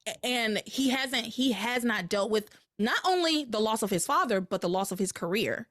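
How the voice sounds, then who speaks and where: A woman hosting a podcast, chatting casually as she recaps a soap opera episode and jumps up in pitch when something excites her. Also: moderate pace. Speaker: podcast host.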